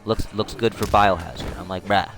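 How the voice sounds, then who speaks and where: A male streamer giving casual live commentary on replays, slangy and excitable, jumping to shouts at tense moments. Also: fairly low pitch, moderate pace. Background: music.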